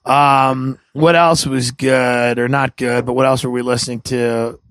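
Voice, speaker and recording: Podcast host, gravelly male voice, rambling animated storyteller, dry studio sound. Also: medium pitch, a little slow, dry recording. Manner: rambling, animated, laughs through stories, does silly voices for friends. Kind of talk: casual storytelling chat.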